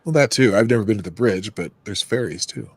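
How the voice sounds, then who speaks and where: A man's voice: on the low side, expressive, fairly quick, slightly rough, dry recording. A man from Minnesota chatting casually on a stream in an easygoing, teasing way. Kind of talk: casual chat.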